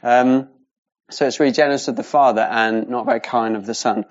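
A man's voice: mid-range voice, fairly even intonation, fairly quick. Casual man teaching the Bible. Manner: casual, rambling, with many fillers and tag questions. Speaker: Bible study leader. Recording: slightly dull lo-fi recording.

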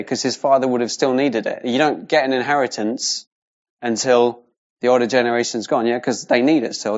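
A man's voice: mid-range voice, darkish tone. A man leading an informal Bible teaching, talking casually with many fillers and tag questions. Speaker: Bible study leader. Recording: slightly dull lo-fi recording.

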